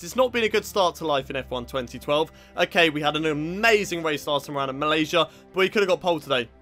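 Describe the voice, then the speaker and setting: A young British man commentating his own racing game run, frustrated and sweary, shouting at rival drivers. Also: on the high side. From Britain. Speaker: gaming YouTuber.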